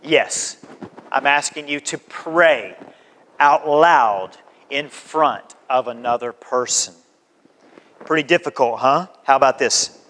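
A man's voice: medium pitch, takes it slowly, a bit bright. A man preaching a sermon, exhorting his listeners with repeated calls and acting out everyday conversations. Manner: exhorting, repetitive, acts out conversations. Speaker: pastor. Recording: long hall reverb.

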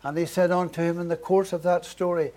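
A man's voice: sits high, little pitch movement, fairly quick, mellow. A man preaching a sermon, earnest, building emphasis through short repeated phrases.

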